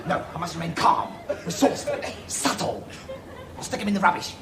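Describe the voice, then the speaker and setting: An actor with a British accent playing a vain, pompous out-of-work actor in a studio sitcom, talking in a theatrical, self-dramatizing way, with audience laughter. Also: male voice, sits high, expressive, a little fast, creaky, background noise. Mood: grandiose. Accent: British English.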